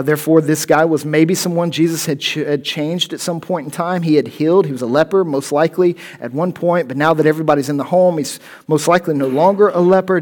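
A pastor giving a sermon, repeating key phrases and building up to loud, pointed questions. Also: male voice, on the high side.

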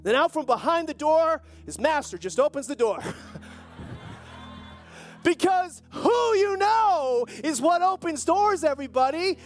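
A pastor preaching a sermon with lively storytelling and jokey asides. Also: high voice, unhurried, soft background music.

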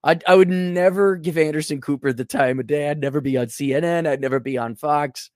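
A man's voice: a little high, a little fast, no room sound, clean studio sound. A man hosting a livestream, ranting sarcastically and bluntly while reading out donations. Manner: sarcastic, blunt, acts out imagined dialogue. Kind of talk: casual ranting monologue.

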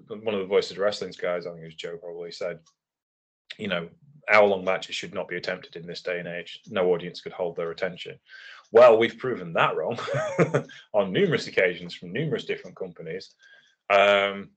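A man with a deep, low voice and a husky, slightly rough tone, chatting on a podcast. He sounds relaxed and analytical, talks things through at length and laughs easily. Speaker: wrestling podcast co-host. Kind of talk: casual podcast chat.

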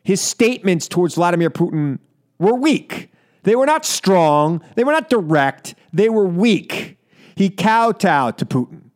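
A man's voice: high voice, big pitch swings, a little slow. A man hosting a political talk radio show, delivering an indignant, emphatic monologue with lots of repetition. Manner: indignant, emphatic, repeats for effect.

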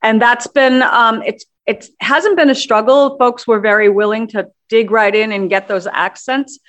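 A woman, a theater director, answering interview questions in a measured way with frequent ums. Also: on the high side, steady tone.

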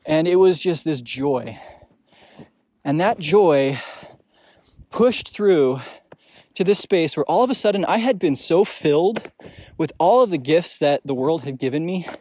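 A young man hosting a podcast, telling a deeply personal story in a reflective, emotional way with frequent restarts. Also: animated, a little slow, long pauses, dark tone, dry recording. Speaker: podcast host. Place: outdoors on a snowy mountain.

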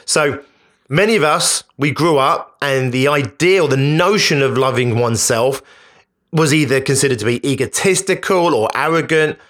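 This podcast host speaks at a normal pace in a mid-range voice with some brightness. His motivational monologue is emphatic and conversational, circling back over the same points often.

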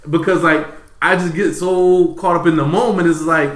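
A man hosting a podcast, telling a story in casual, profane talk that swings between loud bursts and low mutters. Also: steady tone, moderate pace, roomy sound. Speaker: podcast host.

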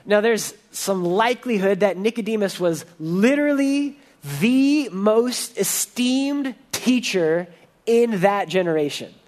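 High-voiced earnest male preacher. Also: lively intonation, slow pace, a little mellow. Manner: earnest and emphatic, with frequent restarts. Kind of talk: expository sermon.

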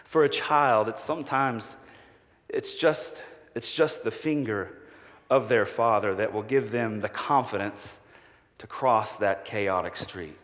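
A man preaching a sermon as a pastor, measured and slow with long pauses, falling to a hushed voice for quoted promises. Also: fairly low pitch. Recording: long hall reverb.

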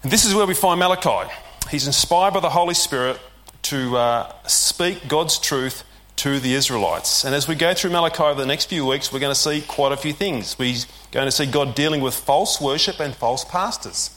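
A man's voice: fairly high pitch, normal speed, a bit bright. A man preaching a sermon as pastor, conversational and explanatory with casual fillers.

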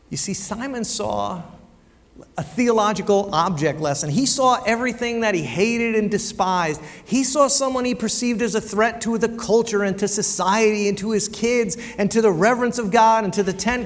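Male pastor, sermon, fairly high voice, conversational, repeats words, long church reverb. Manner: conversational, stumbles and repeats words, asks rhetorical questions.

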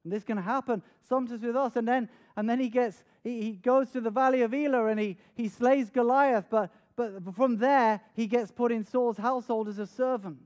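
Preacher, male, high voice, earnest sermon delivery with dramatic retellings and stuttered repeats. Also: fairly even intonation, normal speed, few pauses, darkish tone. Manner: earnest, repeats words when stressing a point; dramatic, acts out scenes with raised voice.

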